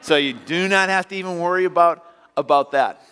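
The pastor's high voice has a fairly bright, clean tone and runs a little fast. He preaches conversationally in the church sanctuary, breaking into acted-out asides, and the sound carries long hall reverb.

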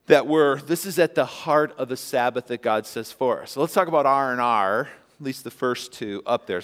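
A male pastor with a medium-pitched voice preaches a sermon in a church sanctuary, telling the story with animated, emphatic peaks. He calls on the congregation to answer and respond. The recording carries a long church-hall reverb.

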